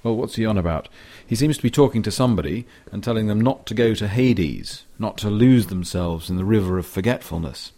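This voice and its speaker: A man with a very low voice lectures on a poem and reads its lines aloud. His pace is unhurried and thoughtful, and he adds scholarly asides. He sounds middle-aged. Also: dark tone. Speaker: literature lecturer. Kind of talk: explaining and reading poetry aloud.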